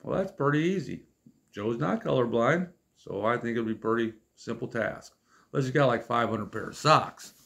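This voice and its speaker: A man in his late fifties tells comic stories in a relaxed, chatty way. He sounds exasperated and deadpan, with dry wry asides. His voice sits in a middle pitch. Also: normal speed, vocal fry. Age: 50s. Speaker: storyteller vlogger. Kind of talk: casual comic storytelling.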